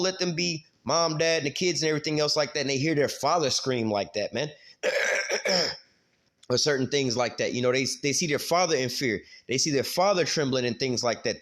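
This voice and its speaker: A man's voice: on the high side, fairly bright tone. A man teaching a Bible passage in a loose, conversational way, full of street slang, filler words and casual cursing. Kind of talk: informal scripture teaching.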